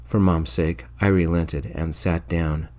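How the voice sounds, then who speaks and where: A man narrating a story in the first person, quietly and evenly, in soft-spoken ASMR storytelling. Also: sits low, fairly even intonation, measured pace.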